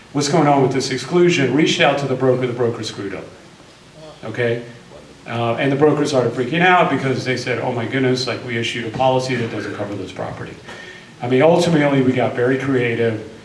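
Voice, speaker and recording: A man's voice: medium pitch, slight background noise. Guy lawyer on a panel telling war stories, echoey room, sounds far from the mic. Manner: conversational, tells cautionary stories. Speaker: construction attorney on a panel. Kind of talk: panel presentation. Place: meeting hall.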